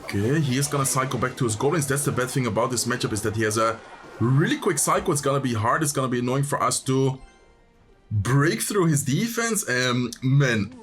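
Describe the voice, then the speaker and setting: A young man giving live commentary on his gameplay, thinking aloud, excitable and talking straight to viewers. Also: medium pitch. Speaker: gaming commentator.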